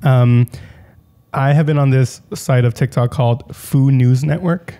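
A man's voice: medium pitch, steady tone, measured pace, mellow. A man co-hosting a podcast in casual chat, laid-back, laughing often and filling with "like". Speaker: podcast co-host.

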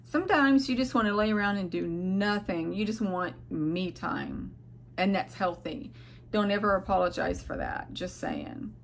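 A woman's voice: mid-range voice, normal speed, creaky, slight background noise. Tired, rambling middle-aged woman vlogger. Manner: rambling, hesitant, searching for words; earnest, heartfelt address to viewers. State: tired and unwell. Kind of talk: casual personal vlog monologue.

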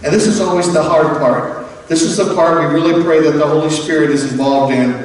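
A man preaching a sermon as pastor, talking in a conversational, animated way and acting out quoted voices. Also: fairly high pitch, fairly quick. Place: large church hall. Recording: echoey church hall, from far off.

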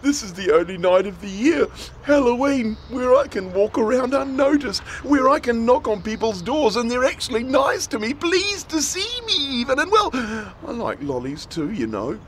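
A man voicing a lonely, gentle real witch who talks in a wistful, pleading way. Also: extremely high pitch, huge pitch swings, measured pace, vocal fry, few pauses, a little hiss or hum, voice pushed up, exaggerated voice.

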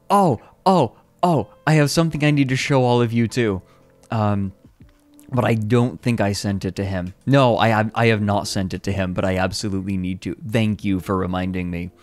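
A man streaming casually, who laughs often, exclaims loudly and reads chat aloud. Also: fairly low pitch.

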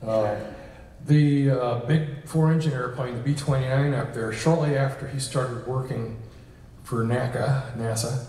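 A man lectures informally as a guest speaker before an audience in a reception hall, his talk studded with ums and uhs. His medium-pitched voice is steady and darkish, and his pace is measured. The mic sits at a distance in the echoey hall.

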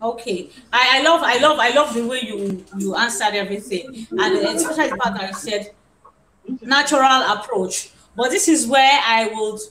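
A woman's voice: fairly high pitch, normal speed, sharp tone. A woman, a host and vocal coach who explains singing technique earnestly. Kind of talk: interview discussion. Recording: roomy echo, faint background noise.

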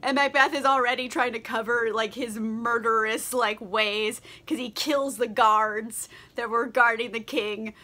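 A woman's voice: a little high, steady tone, unhurried, hardly any pauses, pushed and bright. A young woman recapping a play in a casual, tipsy chat, giggling often and filling her talk with "like" as she mock-voices the characters. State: tipsy from wine. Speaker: book vlogger.

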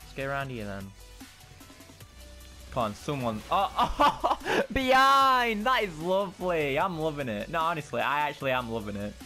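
A young man giving casual, excitable commentary over his own gameplay, swinging between frustrated outbursts and self-mocking asides. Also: mid-range voice, brisk, faint music behind. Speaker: gaming channel host.

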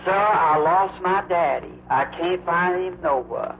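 A man preaching voices a young blind woman who has lost her father, calling out in high, crying tones on a muffled old recording. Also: unhurried, slight background noise. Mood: pleading.

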